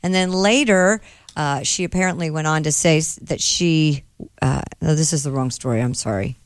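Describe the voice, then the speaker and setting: A woman co-hosting a talk radio show, reading out news items with halting restarts. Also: sits low, clean tone, no echo.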